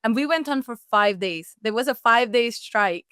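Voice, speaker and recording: A young woman from Italy, talking as a guest in a casual, tumbling storytelling style. Her voice is smooth and fairly high, and the sound is close and dry. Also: animated, normal speed, fairly bright tone, no room sound. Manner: chatty, self-interrupting, laughs while telling.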